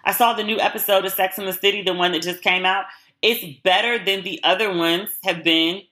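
A woman's voice: mid-range voice, steady tone, fairly quick, sharp tone. A woman hosting a podcast in a casual solo chat, frank and opinionated as she talks. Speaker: podcast host.

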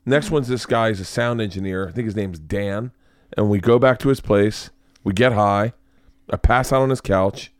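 A man's voice: lowish voice, clean tone, dry recording, clean studio sound. A man hosting a podcast, telling a rambling story in casual chat, swearing and laughing often. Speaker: podcast host and comedian.

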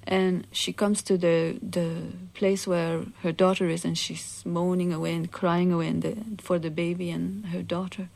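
A woman with a fairly low voice tells an old legend aloud. She takes her time and speaks casually, breaking in with little asides to her listeners. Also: little pitch movement, gravelly, a little mellow. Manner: unhurried, conversational, frequent "you see" asides. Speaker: storyteller. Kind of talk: oral legend telling.

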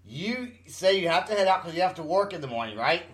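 A man with a high voice hosts a casual podcast, chiming in with quick reactions. He steps in to set up a song he wants to play. The room gives his voice a noticeable echo. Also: very animated, a bit bright. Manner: reacts with short exclamations, introduces songs. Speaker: podcast host. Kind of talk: casual chat.

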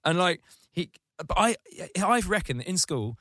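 A man hosting a podcast, ranting comedically in casual chat and jumping into mocking high squeaky voices. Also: sing-song, moderate pace, a bit bright, no echo, studio quality. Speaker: podcast host.

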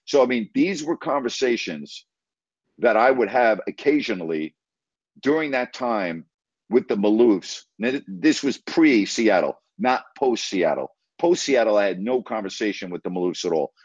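Blunt, emphatic man, lower voice. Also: animated, normal speed, breathy edge, no echo, highs cut off. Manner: blunt, emphatic, salty language. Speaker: sports radio host. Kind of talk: storytelling in an interview.

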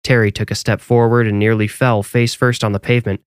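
A man narrating a scripted horror story in a measured, even storytelling way. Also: fairly low pitch, smooth, no echo, clean studio sound.

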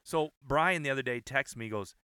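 A man's voice: mid-range voice, normal speed, pushed and bright, clear, resonant tone, no echo, studio quality. A man co-hosting a podcast in casual chat, playful and teasing, asking lots of questions. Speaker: podcast co-host.

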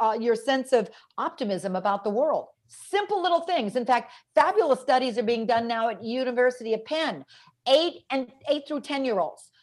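A woman guest talking about raising boys, telling stories and quoting the kids she interviewed. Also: on the high side. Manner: energetic storyteller quoting kids and parents. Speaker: guest author on parenting. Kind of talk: animated podcast interview.

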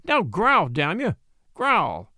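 A man voicing a gentle, soft-spoken master who speaks affectionately to his dog and friend, in a storybook reading. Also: sits high, wildly swooping pitch, slow pace, no echo, studio quality, exaggerated voice. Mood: fond. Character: gentle departing master, grown man, tender and firm.

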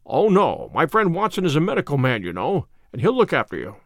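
A man plays a sharp, commanding detective from a classic story. He speaks crisply and with authority, his pitch moving a lot. The recording is close and dry. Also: wildly swooping pitch, fairly quick, no echo, full character voice.

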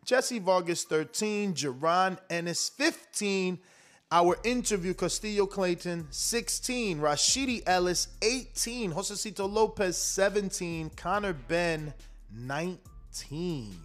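Hosting a boxing talk show, a man chats in a rambling, casual way and reads rankings aloud, stumbling and restarting. His voice is high-pitched and fairly bright with lively intonation, he takes it slowly, and faint music plays behind.

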